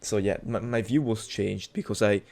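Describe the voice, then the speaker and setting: A man's voice: fairly low pitch, fairly even intonation, moderate pace, creaky, a little mellow. Rambling young man. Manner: rambling, profane, many restarts and fillers. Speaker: cooking vlogger. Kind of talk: casual storytelling monologue.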